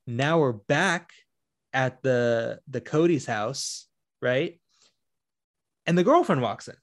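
A man's voice: mid-range voice, slow pace. Man retelling a film scene animatedly. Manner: animated retelling, acts out characters' lines. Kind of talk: casual film discussion.

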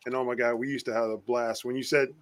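A man's voice: mid-range voice, little pitch movement, quick pace. A man hosting a podcast, chatting casually with a guest and laughing between his stories. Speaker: podcast host. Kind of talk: casual interview chat.

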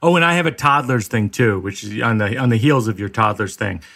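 A male podcast host in casual chat, spinning deadpan absurd bits. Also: lowish voice, brisk, creaky.

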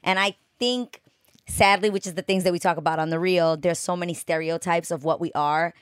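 A woman, chatting as a podcast guest. She is playful and animated and full of slang. Her voice is close to the mic and dry. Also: on the low side, fairly quick, clean tone, no room sound. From New York. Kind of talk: casual podcast chat.

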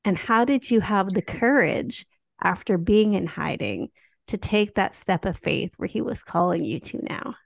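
A woman's voice: mid-range voice, animated, unhurried, vocal fry, no echo. A woman hosting a faith podcast, asking her guest questions in an encouraging way. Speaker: podcast host.

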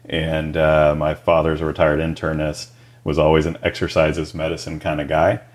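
A man's voice: very deep voice, completely flat delivery, normal speed. A man from Texas, a company founder, chatting easily as a podcast guest. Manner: easygoing, affirming, lots of yeahs. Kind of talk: casual interview chat.

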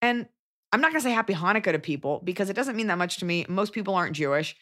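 A woman from Dallas, Texas, hosts a podcast and dishes out blunt, profane advice in casual conversation. Her mid-range voice is animated and fairly bright as she riffs rapidly with strong opinions.

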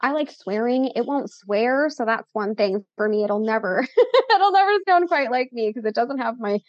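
A chatty, upbeat woman with a slightly higher voice talks through content tips as an interview guest. Her tone is a bit sassy. The sound is dry and slightly dull. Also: animated, moderate pace, dry recording. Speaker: podcast guest, content coach. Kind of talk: casual interview chat.

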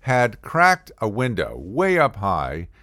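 An older man telling a funny personal story in a casual, animated way, acting out the yelling and the other people's lines. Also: on the low side, slow pace, no room sound, clean studio sound.

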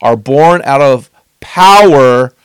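A man's voice: mid-range voice, lively intonation, slow, clean tone, no room sound. Earnest man teaching scripture, dry sound. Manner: earnest, emphatic, stretches key phrases.

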